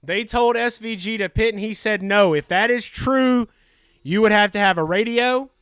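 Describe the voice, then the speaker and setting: A man hosting a live stream, commenting on a car race and thinking aloud with excitement. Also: sits high, normal speed, smooth, dry recording.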